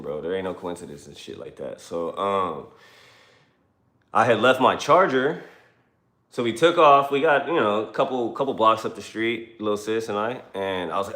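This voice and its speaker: This man's voice is fairly low but lively in intonation, a bit bright, and delivered at a moderate pace. He spins a long, meandering story full of swearing while livestreaming from a car, and the recording carries a roomy echo.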